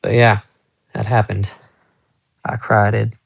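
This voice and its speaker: Chatty young man with a gravelly voice. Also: on the low side, level tone, slow. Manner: rambling, chatty, talks to viewers while showing his guitars and watches. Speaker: live streamer. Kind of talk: casual live-stream chat. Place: small room at home. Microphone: phone held close.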